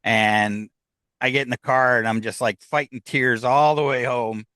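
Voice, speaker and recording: A man's voice: mid-range voice, steady tone, measured pace, sharp tone, no echo. Middle-aged man telling a story, dry sound. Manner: candid, rambling, full of fillers. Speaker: podcast guest. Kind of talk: personal storytelling.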